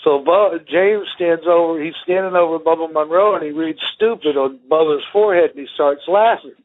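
A man's voice: a little high, moderate pace. A man, a retired pro wrestler, telling rambling anecdotes in casual conversation, often laughing. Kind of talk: casual storytelling. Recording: tinny phone-like audio.

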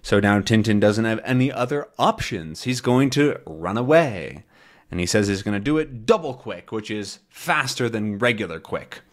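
A man teaching English, slowly explaining a comic to learners in simple, repeated words. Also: fairly low pitch, expressive. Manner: slow, simple, repetitive explanations.

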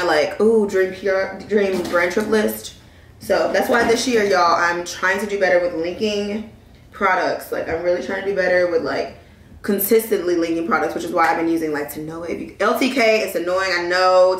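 A young woman from Flint, Michigan chatting casually to her viewers as she unboxes things, animated and calling them y'all. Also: on the low side, far from the mic. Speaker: lifestyle vlogger. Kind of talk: casual vlog chat. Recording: echoey room, voice a bit off-mic.

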